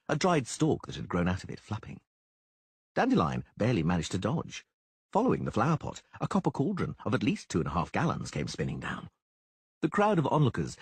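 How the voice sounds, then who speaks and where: Husky male audiobook narrator. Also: low-pitched, no echo. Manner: expressive storytelling. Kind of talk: scripted narration.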